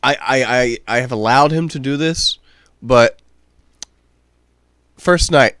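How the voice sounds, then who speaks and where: A young man co-hosting a casual podcast, telling rambling, swearing anecdotes in an animated way. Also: medium pitch, slow pace, pauses often, clean tone, dry recording, clean studio sound. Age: young adult. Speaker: podcast co-host. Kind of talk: casual storytelling chat.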